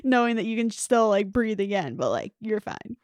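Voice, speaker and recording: A woman's voice: mid-range voice, very animated, normal speed, a little mellow, dry recording, clean studio sound. A young adult woman hosting a podcast in casual chat, talking enthusiastically and filling her speech with "like.". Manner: enthusiastic, heavy use of "like". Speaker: podcast host.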